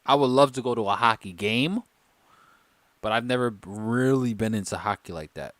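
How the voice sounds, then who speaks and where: A man hosts a livestream, joking loosely with viewers while a bit tipsy from wine. His mid-range voice is fairly bright, moderately paced and echo-free.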